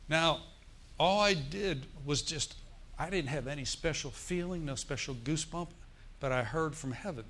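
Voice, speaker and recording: A man's voice: a little high, moderate pace, a bit bright, slight background noise. A middle-aged male pastor preaching a sermon in a church, telling a story with emphatic bursts.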